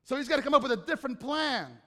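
A man with a notably high voice preaches a sermon, chatting and joking with his listeners and quizzing them as he goes. His words ring out with a long reverb, as if heard in a big hall. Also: sing-song, quick pace, fairly bright tone. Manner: conversational, joking, quizzes the congregation. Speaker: pastor.

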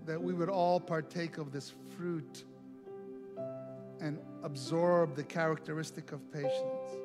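Man telling a story in a sermon. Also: fairly high pitch. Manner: animated storytelling with quoted voices. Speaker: pastor. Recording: long reverb, faint music.

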